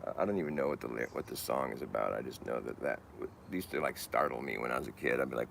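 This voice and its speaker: A man with a very low, gravelly voice rambles through a casual monologue. He keeps stopping and restarting his sentences and laughs at his own points. A faint hiss sits under the recording. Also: quick pace, few pauses, fairly bright tone. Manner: rambling, self-correcting, laughs at himself.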